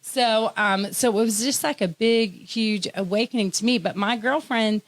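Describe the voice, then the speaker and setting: A woman from Tennessee hosting a casual interview, chatty and quick to laugh. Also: fairly high pitch. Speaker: host.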